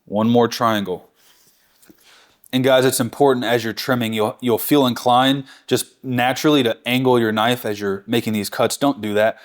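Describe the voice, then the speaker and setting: A man's voice: medium pitch, fairly even intonation, moderate pace. A man in a casual, enthusiastic cooking lesson, talking his viewers through a task step by step and correcting himself as he goes. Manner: enthusiastic, chatty, self-correcting. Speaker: barbecue instructor. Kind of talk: real-time cooking tutorial.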